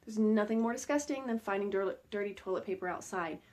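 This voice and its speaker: A woman in her forties, an outdoor educator, giving a casual how-to talk and telling a personal story in a chatty, animated way with light laughs. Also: mid-range voice, fast talker.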